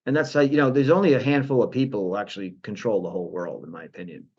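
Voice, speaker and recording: Animated man on a dull lo-fi line. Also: fairly low pitch, very fast, breathy edge. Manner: animated, restarts often, mocking quotes. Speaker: guest, portfolio manager. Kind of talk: financial interview.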